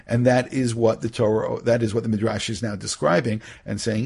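A middle-aged man with a husky, gravelly voice teaches a Torah study class. He talks in a lively way, acting out short exchanges and often restarting his sentences. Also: mid-range voice, normal speed, hardly any pauses. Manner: animated, acts out little dialogues, many restarts.

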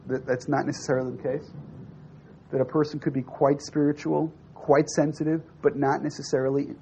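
A man's voice: a little high, gravelly. A man teaching a religious class, telling a story and acting out its dialogue, often asking the listeners questions. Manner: animated, acts out dialogue with rising and falling voice; asks the audience questions. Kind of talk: lecture with storytelling. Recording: dull lo-fi recording with faint noise.

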